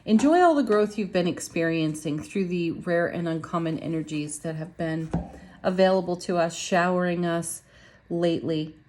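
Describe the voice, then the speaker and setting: A woman's voice: fairly low pitch, moderate pace, a little mellow, a little hiss or hum. A woman reading tarot cards to her viewers in a casual, chatty, upbeat way. She laughs often and talks straight to her audience. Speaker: tarot reader.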